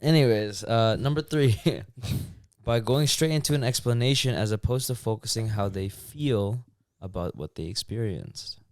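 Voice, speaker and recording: A man's voice: fairly low pitch, measured pace, dry recording, studio quality. A young man co-hosting a podcast, talking in a thoughtful, laid-back way with many likes. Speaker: podcast co-host. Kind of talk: casual reflective chat.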